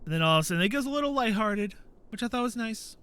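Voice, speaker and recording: A man hosting a gaming channel, chatting casually while he plays and acting out quotes in a high voice. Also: expressive, racing, fairly bright tone, smooth. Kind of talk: casual commentary while playing.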